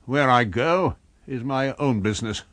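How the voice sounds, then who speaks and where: A man's voice: mid-range voice, expressive, a little slow, a bit bright, dry recording, voice pushed up. A man reading a tense officer who answers tersely and guardedly. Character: tense male officer facing an unseen foe.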